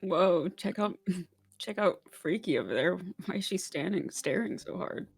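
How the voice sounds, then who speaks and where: A woman's voice: on the low side, animated, measured pace, creaky, breathy edge, soft background music. A woman playing in a tabletop game, teasing and laughing often. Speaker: player. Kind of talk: casual role-play banter.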